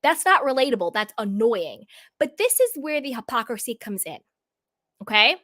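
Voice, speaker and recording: A woman's voice: on the high side, big pitch swings, normal speed, pushed and bright, no room sound, studio quality. A woman giving an opinionated recap of a reality show, emphatic and indignant, full of rhetorical questions. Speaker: reality TV commentator.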